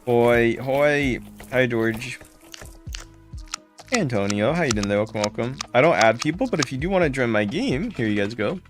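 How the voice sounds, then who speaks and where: A man's voice: mid-range voice, animated, moderate pace, over music. Man greeting viewers on a live stream. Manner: greets chatters by name, repeats thanks. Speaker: game streamer. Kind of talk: casual live-stream chat.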